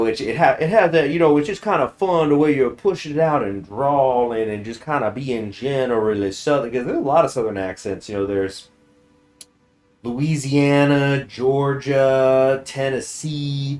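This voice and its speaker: A man's voice: medium pitch, darkish tone. Rambly male game streamer. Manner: rambling, chuckling asides, many fillers. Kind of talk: casual game commentary.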